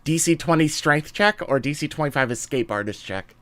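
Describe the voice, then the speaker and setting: A man running a tabletop game, his voice sitting a little high and sounding close and dry. He narrates and makes rulings in a relaxed way, thinking aloud as he goes. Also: a little fast, no echo. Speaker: game master.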